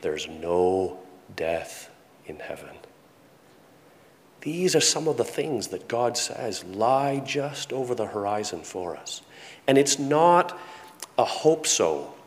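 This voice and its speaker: A man preaching a sermon in earnest tones, often repeating words and dropping to a soft, hushed voice. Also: mid-range voice, big pitch swings, takes it slowly. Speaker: pastor. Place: church sanctuary with a congregation. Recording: long reverb of a large hall.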